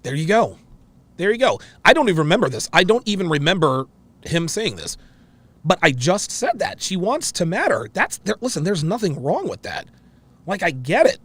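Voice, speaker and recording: A man hosting a reaction show, commenting on a clip in an excitable way and often repeating himself. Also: sits high, normal speed, husky. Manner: excitable, interrupts and repeats phrases.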